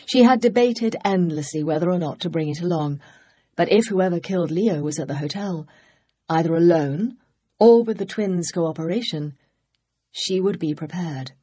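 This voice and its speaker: A woman narrating a cozy mystery audiobook, measured and poised. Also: on the low side, dark tone, slightly rough. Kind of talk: scripted narration.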